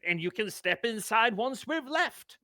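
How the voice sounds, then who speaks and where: A man voicing a smooth-talking male adventurer who speaks in a glib, placating, courtly way. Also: very high voice, lively intonation, unhurried, bright, forceful tone, dry recording, studio quality, voice pushed up, full character voice.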